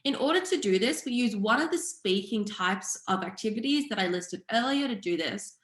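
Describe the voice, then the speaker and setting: A woman's voice: medium pitch, normal speed. Young woman teaching public speaking, roomy sound. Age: young adult. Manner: clear, explanatory, steady teaching delivery. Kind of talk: online seminar presentation. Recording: echoey room.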